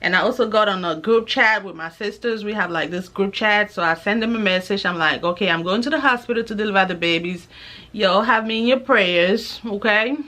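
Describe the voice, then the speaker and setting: Bright-voiced woman telling a story. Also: mid-range voice, brisk. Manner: animated retelling, acting out quoted voices. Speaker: vlogger. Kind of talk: casual storytelling to camera.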